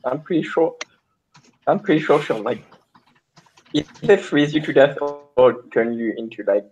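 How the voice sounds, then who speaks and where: Animated, husky man player on a muffled mic. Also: on the high side, unhurried, a little hiss or hum. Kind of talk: casual tabletop banter. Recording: dull lo-fi mic.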